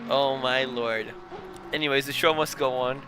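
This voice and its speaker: A man's voice: mid-range voice, steady tone, moderate pace, background noise. A young man commentating a sim race live while fighting a bout of hiccups, apologising and laughing at himself between calls. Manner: flustered, self-mocking, apologetic between calls.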